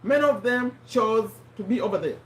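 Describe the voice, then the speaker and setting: A woman's voice: a little high, lively intonation, moderate pace, recorded from a distance, a little hiss or hum. Woman hosting a live stream, voice strained and failing, chatty, in a roomy space away from the mic. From Uganda. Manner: chatty, addresses viewers by name, repeats points. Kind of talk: casual live-stream chat.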